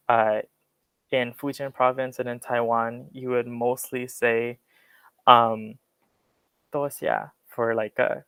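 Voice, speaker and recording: A man's voice: medium pitch, a bit bright, clear, resonant tone, no room sound, poor audio. A young American man giving an online class talk, explaining at an easy pace with lots of fillers. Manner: casual, uses many fillers, explains with examples. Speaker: guest speaker on accents.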